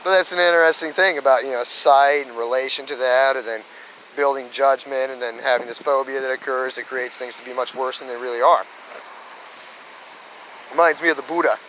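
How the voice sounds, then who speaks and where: A man's voice: medium pitch, fairly even intonation, a little fast, sharp tone, slight background noise, poor audio. A man telling casual stories in a rambling way, with lots of "you know" and restarts. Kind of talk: casual storytelling monologue.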